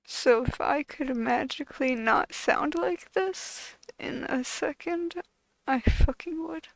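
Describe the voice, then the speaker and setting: Woman host venting to camera, slow and frustrated, in a dry, close recording. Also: sits high, gravelly, no room sound, low-quality recording. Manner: frustrated, profane, bitter. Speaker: channel host.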